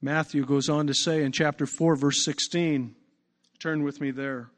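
Emphatic male preacher, slightly raised pitch, stretches words for weight, reverberant hall. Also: steady tone, measured pace. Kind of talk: sermon. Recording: long reverb.

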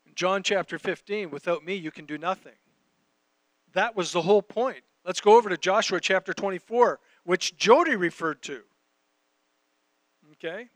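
A man's voice: high-pitched, fairly bright tone, no room sound. A man preaching a conversational sermon, reading scripture and talking directly to his audience. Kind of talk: sermon teaching.

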